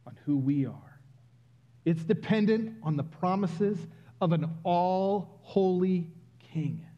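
A man preaching a sermon in a personal, confiding way that builds to loud exclamations. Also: fairly high pitch, highs cut off.

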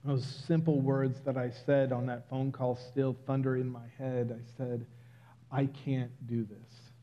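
A man preaching a sermon in a personal, confiding way that builds to loud exclamations. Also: medium pitch, level tone, unhurried, muffled recording.

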